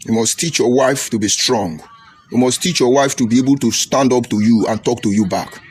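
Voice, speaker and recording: A middle-aged man with a Nigerian English accent giving an emphatic, lecturing political commentary broadcast. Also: breathy edge. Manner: emphatic, swoops high and low, lecturing. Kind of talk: preachy opinion broadcast. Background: faint music.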